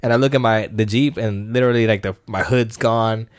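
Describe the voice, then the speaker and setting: A man's voice: fairly low pitch, steady tone, a little fast, dry recording, clean studio sound. A young man co-hosting a podcast, telling a long story in a rambling, casual way, swearing and acting out the people he quotes. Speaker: podcast co-host.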